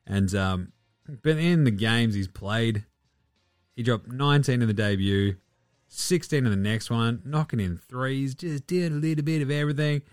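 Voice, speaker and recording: A man hosting a casual sports recap, excitable and sarcastic, swearing freely. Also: mid-range voice, normal speed, dry recording, clean studio sound, soft background music. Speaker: host.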